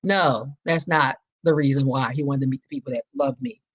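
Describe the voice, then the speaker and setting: Her voice rumbles low and sounds a little rough as she moves at a fairly quick clip. She's a podcast host in her forties, giving personal reflections in an emphatic, preacherly style and repeating what matters most.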